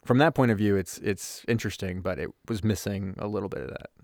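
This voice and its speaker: A man's voice: fairly low pitch, quick pace, darkish tone. A man co-hosting a podcast, chatting casually about a movie in a rambling way, often restarting his sentences. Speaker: podcast co-host. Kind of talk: casual movie review chat.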